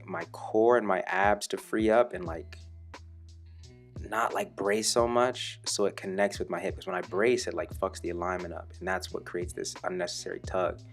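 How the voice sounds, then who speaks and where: A young man talking casually and profanely over footage of his own workout, joking about himself in the third person. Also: sits low. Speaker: fitness vlogger.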